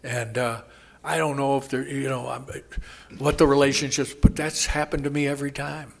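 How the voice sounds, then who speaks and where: A man sharing his recovery story at a meeting, rambling and interrupting himself, laughing at his own jokes and acting out quoted voices loudly. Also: mid-range voice, little pitch movement, normal speed, gravelly. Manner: acts out quoted voices with sudden loud jumps. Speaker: AA speaker.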